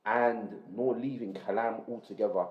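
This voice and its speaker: A man reads a religious text aloud to a class in a measured, explanatory way, pausing to gloss Arabic terms. His voice sits low. The recording is lo-fi and muffled, with noticeable room echo. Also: fairly even intonation. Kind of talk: reading a text aloud with brief asides. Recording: roomy, dull lo-fi recording.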